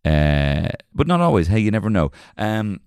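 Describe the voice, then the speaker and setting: A man's voice: on the low side, sing-song, moderate pace, darkish tone, smooth, dry recording. A man hosting a podcast in a loose, rambling, crude joking way. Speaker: podcast host. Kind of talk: casual podcast chat.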